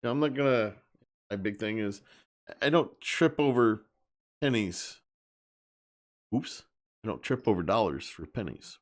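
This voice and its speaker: A man with a lowish, animated voice rants loosely and unscripted straight to his live-stream viewers, at a measured pace with frequent pauses. He's blunt and emphatic, circling back to repeat his points.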